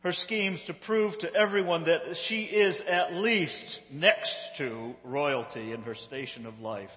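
A man casually retelling a sitcom episode in an animated, amused, conversational way, recorded on a handheld phone. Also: on the high side, long reverb tail, dull audio.

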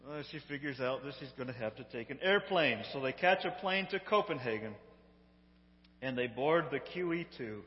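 A man casually retelling a sitcom episode in an animated, amused, conversational way, recorded on a handheld phone. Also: mid-range voice, moderate pace, big-room sound, dull audio.

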